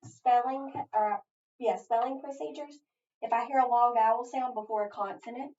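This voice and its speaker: A woman's voice: fairly high pitch, steady tone, moderate pace, darkish tone. A woman teacher leading a phonics spelling lesson, patiently sounding out letters one at a time and walking through each step. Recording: echoey room, far from mic, dull lo-fi.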